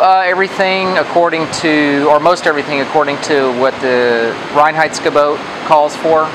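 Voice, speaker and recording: A man working as a brewmaster, calmly explaining how the beer is made, with frequent ums and uhs. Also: fairly high pitch, noisy background. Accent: American. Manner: patient, knowledgeable, hesitant with ums and uhs. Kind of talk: explaining beer on a brewery tour. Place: brewery.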